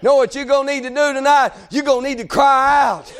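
High-voiced preacher man, shouting. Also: steady tone, fairly quick, some chatter behind. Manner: rhythmic preaching, swings into shouting and half-singing. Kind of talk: sermon.

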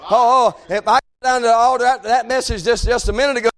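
A man preaching a sermon, swinging between shouted appeals and hushed passages. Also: very high-pitched, fairly even intonation, quick pace.

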